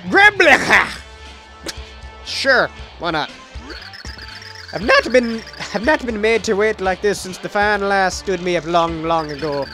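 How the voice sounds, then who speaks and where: A man's voice: high-pitched, very animated, slow pace, pauses often, pitched above the performer's own voice, exaggerated voice. A man with a Southern US accent voicing a blustering, hot-headed warrior brute while reading game dialogue, his Scottish attempt slipping into his own accent. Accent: Southern US, failing at a Scottish brogue. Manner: shouty blustering bravado. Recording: game music behind.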